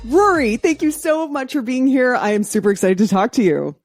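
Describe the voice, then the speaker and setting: A woman's voice: a little high, expressive, fairly quick, a little mellow, faint music behind. A woman hosting a podcast, introducing her guest in an upbeat, emphatic way. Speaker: podcast host.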